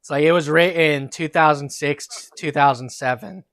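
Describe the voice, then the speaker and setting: A man hosting a comedic read-through, reading fanfiction aloud in a deadpan way and sometimes breaking into laughter. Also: a little high, moderate pace, dry recording. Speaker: host.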